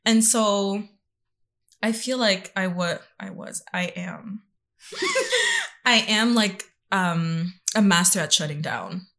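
A woman's voice: mid-range voice, wildly swooping pitch, takes it slowly, fairly bright tone. A woman in a casual conversation, telling stories animatedly, laughing often and acting out quotes.

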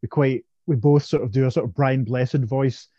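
A man chats casually as a podcast co-host, laughing often and restarting his sentences. His voice is warm and mellow. The sound is dry and dull, a little lo-fi. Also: mid-range voice, steady tone, normal speed, husky, dry recording. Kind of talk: casual chat.

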